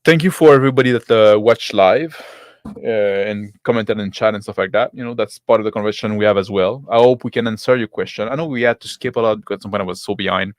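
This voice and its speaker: A man's voice: fairly low pitch, fast talker, dry recording. A man with a non-native English accent hosting a stream, talking loosely with laughs and swearing. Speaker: stream host. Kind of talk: casual stream chat.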